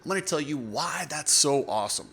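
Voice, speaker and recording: A man's voice: a little high, animated, a little fast, creaky, a bit bright, slightly rough. A man hosting a motocross channel, giving blunt, opinionated and jokey commentary straight to camera.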